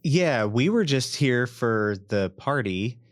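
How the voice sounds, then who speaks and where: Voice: mid-range voice, animated, slow pace, dry recording, clean studio sound. A player in a tabletop game, talking eagerly in character.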